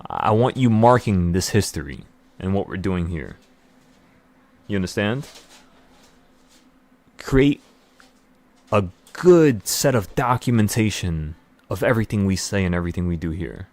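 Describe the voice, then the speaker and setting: A man hosting a trading channel, speaking in an intense, rambling motivational monologue full of excitement and repeated words. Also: low-pitched, unhurried, pauses often.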